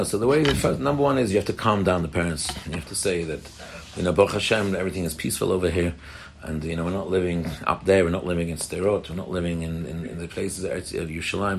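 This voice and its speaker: Brief: fast-talking middle-aged rabbi with a gravelly voice, earnest and repetitive. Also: male voice, low voice, a little hiss or hum. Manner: earnest, repeats and restarts phrases, explains plainly. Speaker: rabbi giving a talk to women. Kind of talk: Torah talk with audience questions.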